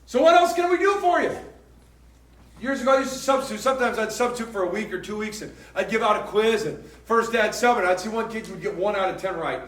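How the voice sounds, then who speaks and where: A man preaching a sermon as a pastor, emphatic and repetitive, now and then rising to a shout. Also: high voice, lively intonation, fast talker. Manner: emphatic, repetitive, swings loud. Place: church hall. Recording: roomy echo from far off.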